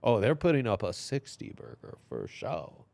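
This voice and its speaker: A man's voice: on the low side, wildly swooping pitch, moderate pace, vocal fry, a little mellow, slight background noise. A young man co-hosting a sports podcast, talking casually in a laid-back, rambling way. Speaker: podcast co-host.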